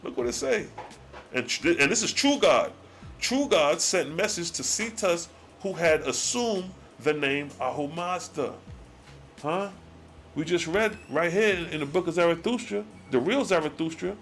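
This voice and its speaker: Animated man reading and commenting on scripture. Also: fairly high pitch, creaky, soft background music. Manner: alternates slow archaic reading with slangy commentary. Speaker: scripture study host.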